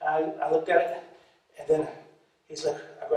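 A man preaching a testimony to a congregation, animated and laughing as he acts out voices in his story. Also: fairly high pitch, normal speed, long pauses. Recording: echoey and distant from mic, audience noise.

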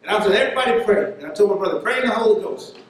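A man preaching a sermon and telling a story in an animated way, laughing now and then. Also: sits high, rapid-fire, heavy reverb, far from the mic, low-quality recording.

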